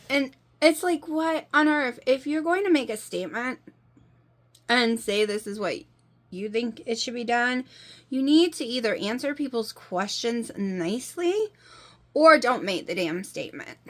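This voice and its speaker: A woman in her forties with a twang vents to her viewers in a rambling, emphatic way. Her voice sits fairly high and keeps circling back to what bothers her, with a lot of repetition. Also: lively intonation, moderate pace, a bit bright. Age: 40s. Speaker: vlogger. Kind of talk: casual talk to camera.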